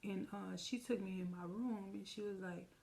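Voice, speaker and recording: With slight background noise behind her, a storytime vlogger shares a personal story in a mid-range, darkish voice with vocal fry, keeping a steady tone at normal speed. She addresses viewers directly, stays chatty, and brings the tale to life by acting out what others said.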